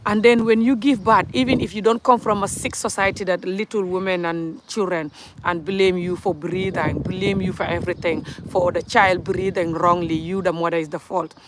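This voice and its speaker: A woman's voice: fairly low pitch, fairly even intonation, normal speed, background noise. Outspoken Gambian woman in her forties. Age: 40s. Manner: passionate, outspoken, rambling. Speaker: livestreamer. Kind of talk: casual live monologue.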